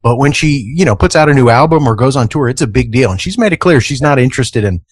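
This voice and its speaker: A man's voice: medium pitch, expressive, fast, slightly rough, dry recording, studio quality. A man hosting a morning radio show, reading entertainment news in an easygoing way with many fillers.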